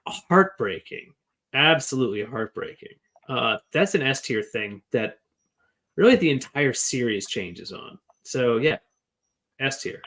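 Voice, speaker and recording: A man's voice: mid-range voice, expressive, measured pace, fairly bright tone. A man co-hosting a casual podcast, rambling with lots of fillers as he gushes about a book. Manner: rambling, filler-heavy enthusiasm. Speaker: podcast co-host. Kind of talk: casual chat.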